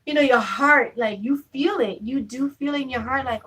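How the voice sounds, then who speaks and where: Woman, young adult, live-stream vlogger, casual rambling chat, fillers, fairly high pitch. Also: a little slow, a bit bright, slightly rough, low-quality recording. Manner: chatty, fillers like "you know what I'm saying". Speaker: vlogger chatting with live viewers.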